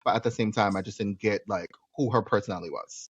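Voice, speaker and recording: A man's voice: on the low side, quick pace, husky, no room sound, lo-fi sound. A man co-hosting a podcast, chatting casually and gushing with emphasis. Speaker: podcast co-host. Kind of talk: casual chat.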